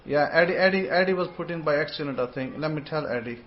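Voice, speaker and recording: Rambling male host teaching scripture in an online room; slightly high voice, muffled lo-fi audio. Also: slight background noise. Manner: rambling, repeats words, sounds out syllables slowly.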